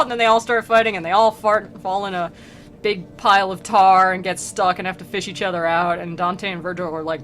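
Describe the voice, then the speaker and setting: A young woman streams from home, speaking quickly in a medium-pitched, slightly bright voice as she jokes about an old poem. She's bubbly, giggles a lot, fills her talk with "like," and slips into goofy character voices.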